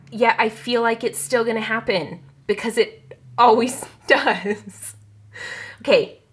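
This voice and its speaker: Lively, chatty woman book vlogger. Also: mid-range voice. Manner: chatty, excitable, nervous giggles. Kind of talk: casual vlog chat to camera.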